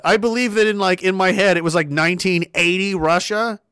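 A man's voice: high-pitched, fairly even intonation, fairly quick, few pauses, sharp tone, clear, resonant tone, no room sound, studio quality. A man hosting a casual live stream, reacting to chat with laughter, swearing and trailing mutters. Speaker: livestreamer.

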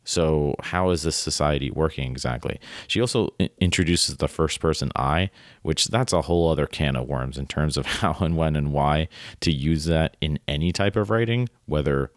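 Very deep-voiced man discussing a story. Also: moderate pace, no room sound, studio quality. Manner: enthusiastic, filler-heavy, often tags "right?". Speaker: podcast host. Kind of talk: casual literary discussion, reading quotes aloud.

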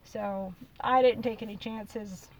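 A woman's voice: mid-range voice, slow, distant mic, low-quality recording. Chatty woman telling a story. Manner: animated, chatty, lots of "like". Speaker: podcast host. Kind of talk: casual storytelling.

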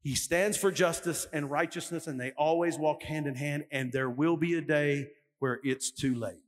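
A middle-aged lead pastor preaches a sermon, telling stories with animation and loudly acting out quotes. His voice sits a little high and moves at normal speed. Long hall reverb and faint music fill the recording.

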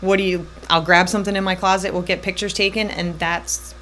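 Podcast guest, woman, thirties, low-ish voice, rambling personal storytelling, faint noise floor. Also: little pitch movement, fairly bright tone. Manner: tells her story in quick, looping bursts, voicing others in her quotes.

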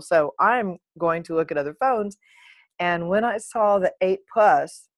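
A middle-aged woman speaks in a lowish voice, chatting straight to her audience as a vlogger. Her story is lively and animated, full of asides and the odd playful swear word. The recording is close and dry, with no room sound. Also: moderate pace, dry recording. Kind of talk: casual talking-to-camera monologue.

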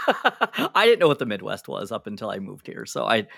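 Lively, chatty man on a podcast. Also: lowish voice, normal speed, vocal fry, breathy edge, dry recording, clean studio sound. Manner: chatty, laughs often, restarts sentences. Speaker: podcast guest; psychologist. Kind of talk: casual podcast interview. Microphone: lapel mic.

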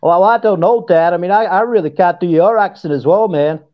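A man's voice: high voice, fairly quick. A middle-aged man with a Yorkshire accent, guesting on a show over a remote call, rambling through casual banter with lots of laughing and swearing. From Yorkshire, England. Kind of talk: casual chat. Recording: lo-fi internet call.

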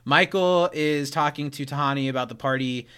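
Bright-voiced young man recapping TV. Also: fairly high pitch, normal speed, smooth. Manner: retells scenes by quoting lines, laughs often. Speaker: podcast co-host. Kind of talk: casual chat recapping a TV episode.

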